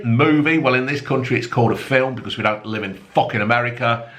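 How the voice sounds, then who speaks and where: A middle-aged man rants through tabloid headlines in a rambling, mocking way, swearing freely. His voice is bright and forceful, and it sits at an ordinary pitch for a man. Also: fast talker. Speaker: comedic news commentator. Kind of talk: rambling profane rant reading tabloid news.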